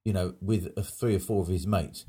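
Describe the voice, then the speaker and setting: A man's voice: low-pitched, fairly even intonation, brisk, dark tone, breathy edge. A man talking in a casual chat, emphatic and opinionated.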